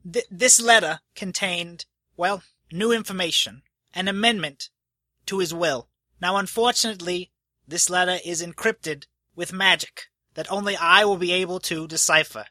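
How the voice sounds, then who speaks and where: A man's voice: high-pitched, normal speed, bright, forceful tone, no echo, pitched above the performer's own voice, exaggerated voice. A man voicing a nervous, fussy official who stammers while announcing a will to a crowd. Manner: stammering, anxious, pompous.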